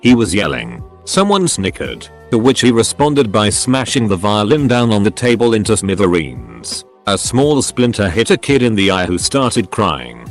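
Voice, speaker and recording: A man doing scripted story narration in an expressive way, acting out the quoted lines. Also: fairly low pitch, normal speed, few pauses. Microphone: studio voice-over mic. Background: faint background music.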